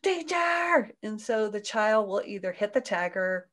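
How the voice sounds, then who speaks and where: Woman explaining parenting stuff in an interview, gentle and soothing, does voices that jump way up in pitch. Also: level tone, moderate pace. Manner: acts out quoted voices with big pitch jumps. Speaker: parenting coach guest.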